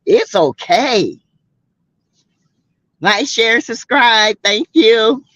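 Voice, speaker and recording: A woman's voice: on the high side, lively intonation, drawn-out words, fairly bright tone, no echo, muffled recording. A woman from South Carolina hosting a livestream, giving sassy, outspoken, slangy commentary on a reality show to her live chat and laughing often. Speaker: livestream host.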